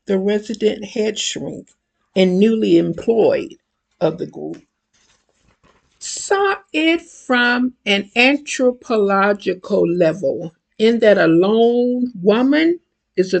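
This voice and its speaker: An older woman reading an excerpt from her own book aloud in a slow, measured, deliberate way. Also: medium pitch, gravelly, a little mellow.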